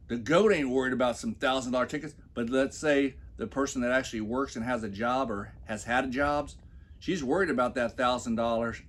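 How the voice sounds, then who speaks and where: A man's voice: medium pitch, brisk, fairly bright tone. A man giving mocking commentary on a post he reads aloud from his phone, with sarcastic, scornful asides. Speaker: commentary vlogger.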